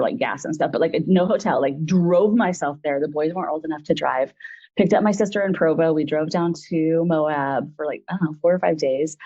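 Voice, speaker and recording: A woman's voice: on the low side, dark tone, muffled recording. A woman in her forties, an interview guest, telling a personal story in a rambling, frank way full of fillers.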